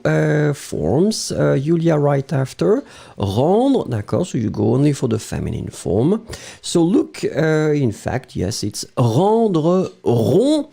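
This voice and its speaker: A man's voice: on the high side, gravelly, warm tone, breathy edge. A man with a French accent teaching a live online language lesson, explaining patiently and greeting viewers by name.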